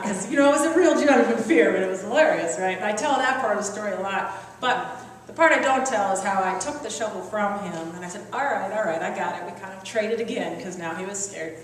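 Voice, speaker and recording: A woman's voice: medium pitch, fast talker, recorded from a distance, noisy background. Woman telling a comic story in an echoey hall. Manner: lively, comic, self-mocking storytelling. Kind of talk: live storytelling to an audience. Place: large hall at a live evening event.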